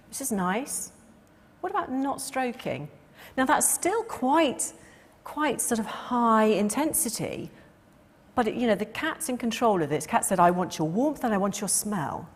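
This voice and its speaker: Lively woman lecturing in a reverberant hall. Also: mid-range voice, husky. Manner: lively, acts out cat and owner voices. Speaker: cat behaviour speaker. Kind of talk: lecture talk.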